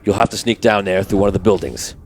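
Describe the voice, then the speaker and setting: A weary, practical dwarf blacksmith, played by a man running a tabletop game. He speaks in a lowish voice, halting and thinking aloud, with faint hiss in the background. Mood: earnest. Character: weary dwarf smith, lost his workers, practical. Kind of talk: tabletop role-play voicing.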